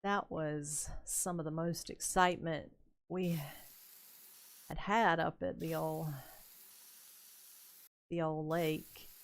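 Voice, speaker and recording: An older woman streaming a building game, telling rambling, unhurried stories about her youth with plenty of fillers and chuckles. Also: low-pitched, fairly even intonation. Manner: rambling, unhurried anecdotes with frequent fillers and laughs. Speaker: gaming streamer. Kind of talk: casual storytelling while building in a game.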